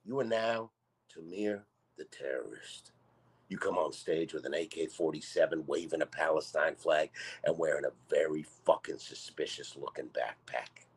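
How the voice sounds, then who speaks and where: Brash, husky-voiced man reading comedy. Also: extremely low pitch, a little slow. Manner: brash, abrasive, loud and mocking. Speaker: guest comedian. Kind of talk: comedy script table read.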